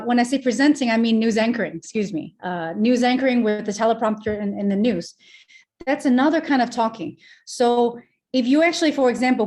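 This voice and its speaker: A woman in her thirties, a presenter and speaking coach, talking in an animated, projecting way on a remote call interview, explaining with examples. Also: on the high side. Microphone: remote call mic.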